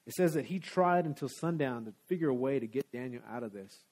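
A man's voice: mid-range voice, lively intonation, brisk, darkish tone. A man preaching a sermon in a church, talking in a conversational, casual way. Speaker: pastor. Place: church sanctuary.

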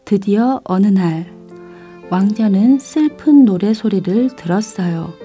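Fast-reading woman with a dark, mellow voice. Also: mid-range voice. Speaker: narrator. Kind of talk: children's storybook narration. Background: soft violin music.

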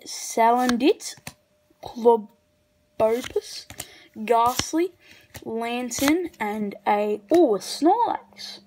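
A woman opening trading card packs on camera in casual commentary, breaking into excited shrieks over good pulls. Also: fairly high pitch, background noise.

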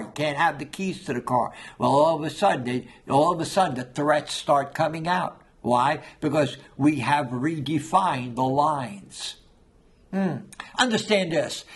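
A man's voice: a little high, a bit bright, slightly rough. A man pastor preaching a sermon, telling a story and acting out the voices in it.

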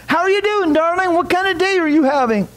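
A man's voice: very high-pitched, a little fast, fairly bright tone, voice pushed up, low-quality recording. A man doing a kind, cheerful older mother. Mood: soothing. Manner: soothing, motherly reassurance. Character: cheerful kind older woman, all sympathy.

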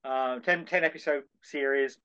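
A man's voice: mid-range voice, moderate pace, smooth. An older man, a podcast guest, recounting an anecdote at length and acting out the dialogue in different voices. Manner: animated, acts out dialogue in voices. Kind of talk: anecdotal storytelling. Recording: dull lo-fi call audio.

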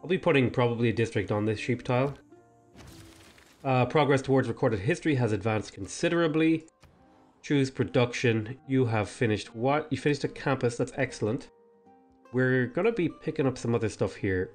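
A man's voice: mid-range voice, moderate pace, darkish tone, faint music behind. A man hosting a strategy game let's play, thinking aloud in casual commentary and talking back to the game's units.

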